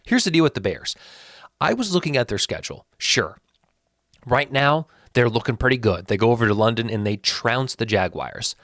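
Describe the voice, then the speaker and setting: Lively, defiant man in his thirties. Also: mid-range voice, moderate pace, no echo, clean studio sound. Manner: animated, teasing and defiant, talking straight to viewers. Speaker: sports channel host. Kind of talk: opinionated football rankings talk.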